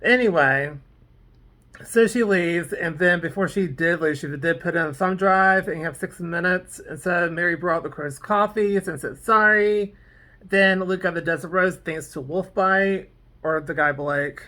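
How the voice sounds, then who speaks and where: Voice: mid-range voice, a little slow, bright, forceful tone. A vlogger casually recapping a TV episode, rambling off on tangents with lots of "like" and "um". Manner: fillers like "like" and "um". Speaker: TV episode reviewer.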